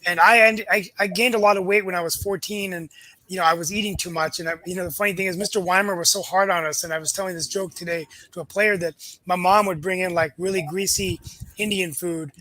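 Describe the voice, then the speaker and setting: A woman from West Virginia, a former tennis player, telling stories in an animated way on a casual panel. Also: lowish voice, fast, poor audio. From West Virginia, USA. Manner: animated storytelling.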